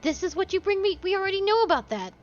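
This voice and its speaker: A woman's voice: very high voice, sing-song, fast talker, muffled recording, pitched above the performer's own voice. A woman voicing an impatient, cursing heretic man as she reads game dialogue aloud. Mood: scornful.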